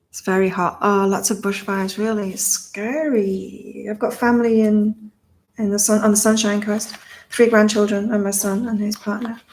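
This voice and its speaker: A woman's voice: mid-range voice, fairly even intonation, normal speed. Woman with a half-British, half-Australian accent. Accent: mix of British and Australian. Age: 50s. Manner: chatty, reading viewer comments aloud. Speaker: psychic reader hosting a live stream. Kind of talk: live-stream chat with tarot readings. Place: home in southern Thailand.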